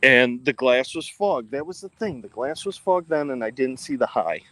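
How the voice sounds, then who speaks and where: A man's voice: mid-range voice, very animated, moderate pace, sharp tone, no echo, poor audio. A man co-hosting a livestream, talking casually with lots of ums and restarts, recorded on a phone. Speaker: co-host of a ghost-hunting livestream.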